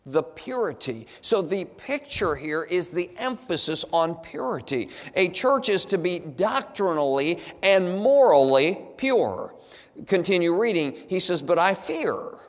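Male pastor mid-sermon, slightly high-pitched, emphatic, quizzing the pews, recorded in a reverberant sanctuary. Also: very animated, unhurried. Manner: emphatic, asks the congregation rhetorical questions. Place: church sanctuary. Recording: long hall reverb in a church.

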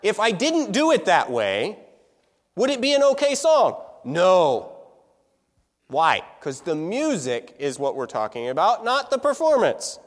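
In a large hall, a man with a high voice and huge pitch swings lectures a room full of people on music. He speaks unhurriedly and conversationally, asking the room questions as he goes.

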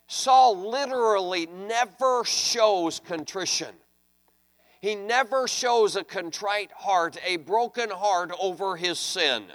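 A man delivers a sermon in a fairly high voice, moving between steady scripture reading and animated, pleading acted-out lines. His voice rings with a long reverb, as if in a large hall. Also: takes it slowly. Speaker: preacher.

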